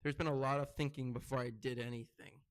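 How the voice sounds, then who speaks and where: A man's voice: medium pitch, fairly even intonation, fairly quick. A young man vlogging straight to camera about his own channel. He talks in a loose, rambling way, full of "like" and restarts, and keeps working himself up into an indignant rant. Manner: rambling and heated, heavy use of "like". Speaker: content creator. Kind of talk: casual vlog rant to camera.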